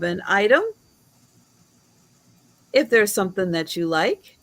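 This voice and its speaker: A woman hosting a live online sale, showing items slowly and admiringly and counting down the bidding. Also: medium pitch, lively intonation, fairly bright tone. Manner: slow, admiring, auctioneer-style counting.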